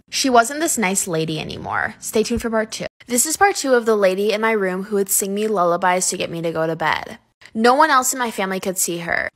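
Woman, mid pitch, earnest and steady, spooky storytime.

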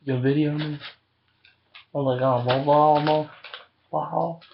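A man's voice: on the high side, fairly even intonation, a little slow, creaky. A man in casual webcam chat, rambling and profane, recorded on a webcam mic. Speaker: vlogger. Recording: dull lo-fi webcam audio, faint hiss.

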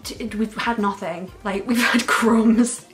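A woman giving an excited, unscripted reaction to a trailer, gushing, laughing often and close to tears. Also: on the high side, slow pace, faint music behind. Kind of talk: casual, unscripted reaction commentary.

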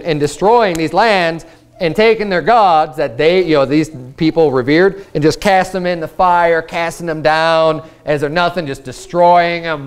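A male pastor preaching a sermon, reading scripture and retelling it in casual, conversational asides. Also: fairly high pitch. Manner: paraphrases scripture in casual speech, with quiet asides and raised Bible readings.

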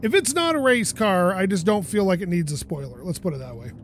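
This gaming channel host speaks in a high register and at a fairly quick clip, chatting to himself through a let's play. He's animated and curses when things go wrong, and a light hiss or hum runs under the audio.

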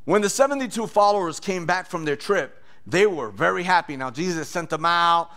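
Animated male pastor preaching. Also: sits high, moderate pace. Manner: animated, acts out voices with loud bursts. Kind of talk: sermon with testimony.

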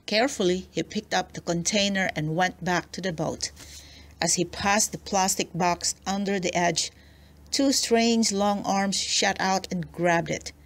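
Woman reading a kids book aloud, slow and careful, mid pitch. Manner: slow, deliberate, expressive. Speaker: storybook reader. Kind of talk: children's read-aloud narration.

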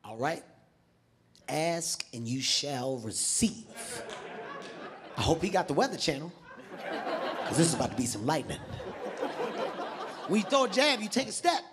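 A man telling animated stand-up stories on stage, acting out voices and shouting. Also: on the high side, measured pace, long pauses, crowd noise, noisy background. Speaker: stand-up comedian. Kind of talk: stand-up comedy storytelling. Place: large theater stage with audience.

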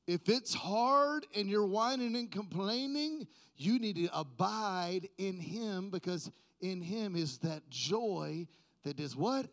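A pastor preaching a casual, joking sermon, dropping to quiet asides and then building to loud, emphatic peaks. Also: male voice, high-pitched, expressive, slow pace. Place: church sanctuary.

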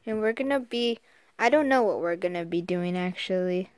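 A female host giving casual commentary on a toy fight, halting and repeating herself as she goes. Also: lowish voice, darkish tone, no echo. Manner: halting, repeats "and then" often. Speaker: video host.

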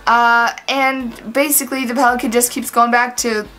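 A woman's voice: a little high, flat delivery, normal speed, bright, forceful tone. A woman telling a story to her camera in a casual vlog, chatty and full of fillers. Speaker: vlogger.

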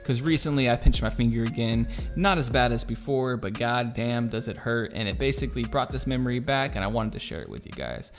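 A man's voice: medium pitch, animated, brisk, hardly any pauses, soft background music. A young man vlogger telling a story in a casual way. He swears freely and acts out the voices of the people in it. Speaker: YouTuber.

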